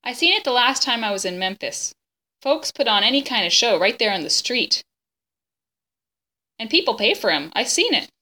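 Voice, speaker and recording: Lady doing a poor scrappy boy, pleading and yelling in rough country talk, high and pushed, bright voice. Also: big pitch swings, normal speed, long pauses, heavily acted. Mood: determined. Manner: pleading, shouting in a rough dialect. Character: desperate grieving poor young boy.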